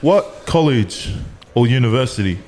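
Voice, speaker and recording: A man's voice: medium pitch, animated, moderate pace, a little mellow. Playful man running a quiz. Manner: playful, teasing, laughs often. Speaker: podcast co-host running a quiz. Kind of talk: casual chat.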